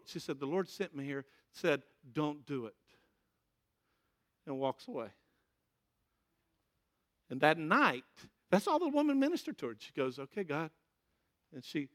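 A man preaching a sermon, telling stories in a voice that swings from loud, excited retellings to hushed, earnest tones. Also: high voice. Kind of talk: sermon with storytelling.

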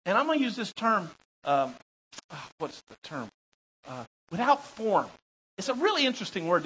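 A male pastor preaching a sermon, telling animated stories with rambling asides. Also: high voice, a little hiss or hum, rough recording.

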